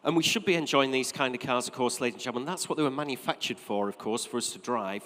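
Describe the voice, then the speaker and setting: An English man working as an auctioneer, calling bids in a brisk, chatty patter and joking with bidders at a live auction. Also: medium pitch, a bit bright. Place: auction hall. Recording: hall reverb from a live auction room.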